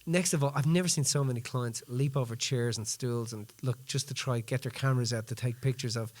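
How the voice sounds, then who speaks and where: A man, co-hosting a podcast and telling a story in an animated, rambling way. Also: medium pitch, a little fast. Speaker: podcast co-host. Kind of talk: casual storytelling chat.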